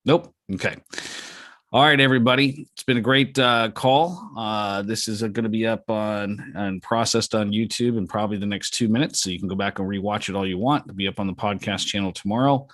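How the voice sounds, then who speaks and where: A man's voice: lowish voice, fairly quick, fairly bright tone, dry recording. A man hosting a business mastermind call, giving folksy, encouraging advice with many fillers and restarts. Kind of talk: casual coaching talk.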